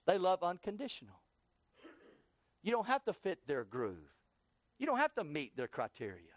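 Male pastor, high voice, fervent sermon delivery, dry close recording. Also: wildly swooping pitch, moderate pace, no room sound. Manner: preaching with rising, heated questioning. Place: church.

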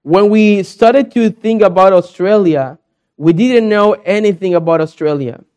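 A man's voice: high-pitched, a little slow, a little mellow. A man from South America, a pastor preaching a sermon in earnest, repeated phrases, with a young daughter.

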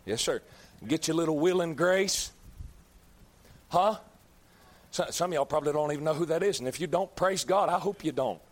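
A man preaching a fiery sermon, hammering his points with repetition and rising to shouts. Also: on the high side, moderate pace, pauses often. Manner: emphatic, repeats lines, builds to shouts.

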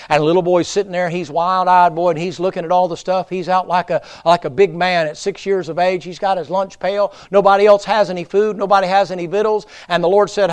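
A man's voice: a little high, clean tone. A man preaching a folksy revival sermon, telling Bible stories and acting out the voices. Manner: homespun storytelling, acts out voices in Bible stories. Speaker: guest preacher. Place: church sanctuary.

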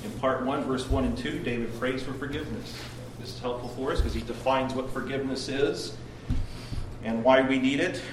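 A man preaching a devotional sermon at a prayer meeting, retelling with earnest emphasis and swings in loudness. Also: mid-range voice, normal speed. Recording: roomy distant recording with background noise.

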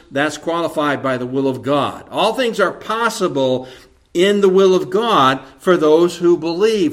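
Guy preaching a sermon, slow and careful, kinda high voice. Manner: earnest expository preaching, slow and deliberate.

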